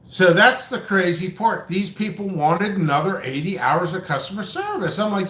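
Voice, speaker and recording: A man's voice: sits high, big pitch swings, moderate pace, few pauses, fairly bright tone. Long-winded ranting man, roomy sound. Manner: long-winded, stammering, exasperated. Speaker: seed seller and channel host. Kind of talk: rambling vlog rant. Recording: echoey room.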